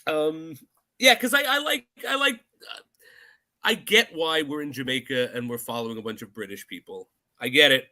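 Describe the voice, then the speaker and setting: A man's voice: a little high, animated, normal speed, pushed and bright. A man co-hosting a podcast, talking casually about a film, laughing often and acting out lines from scenes. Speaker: podcast co-host.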